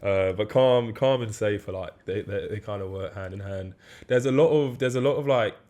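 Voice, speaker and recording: A man's voice: on the low side, moderate pace, warm tone. A young man from London with a London accent, chatting casually as a podcast guest, laughing often and trading slang. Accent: London English. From London, England. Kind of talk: casual chat.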